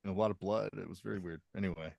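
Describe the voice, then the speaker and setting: Laid-back low-voiced man chatting. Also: steady tone, rapid-fire, vocal fry, darkish tone, dry recording, studio quality. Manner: laid-back storytelling with frequent fillers. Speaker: podcast co-host. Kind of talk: casual chat.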